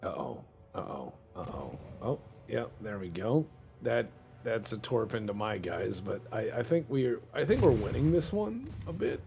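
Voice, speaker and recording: Speaking at a normal speed in a lowish, sing-song voice that's gravelly and warm, a gameplay commentator chats casually through a naval strategy game. He's jokey and sarcastic, sometimes slipping into silly voices, with slight background noise behind him.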